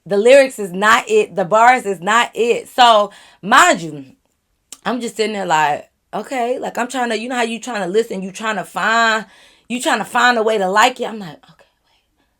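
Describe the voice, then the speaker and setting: A woman vlogger telling a casual storytime, animated and chatty, talking straight to her viewers. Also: a little high, normal speed.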